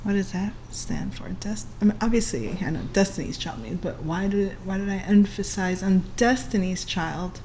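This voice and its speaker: A woman's voice: mid-range voice, normal speed, few pauses, dark tone, slight background noise, rough recording. A woman giving a casual tarot reading, playful and chatty, laughing often and singing along to songs between her remarks. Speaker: tarot reader.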